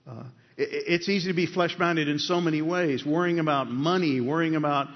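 A man's voice: on the high side, steady tone, brisk. A male pastor preaching a conversational sermon in a church, asking the congregation questions as he goes. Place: church sanctuary. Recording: dull sound with long hall reverb.

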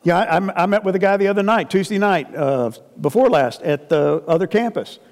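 Animated middle-aged preacher in a reverberant hall. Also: male voice, high voice, a little fast. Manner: animated storyteller, acts out quoted voices. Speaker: pastor. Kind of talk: sermon with storytelling.

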